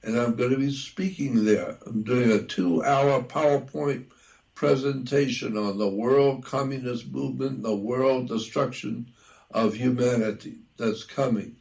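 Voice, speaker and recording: An older man talking in an interview, slow and repetitive, lecturing as he explains. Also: mid-range voice, gravelly, a little mellow, highs cut off. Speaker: guest researcher. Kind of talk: conversational interview.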